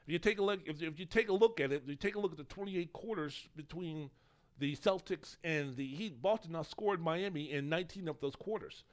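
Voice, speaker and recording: A man's voice: on the high side, brisk. A man hosting a solo sports podcast, talking in a rambling, opinionated way and swearing casually. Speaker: podcast host.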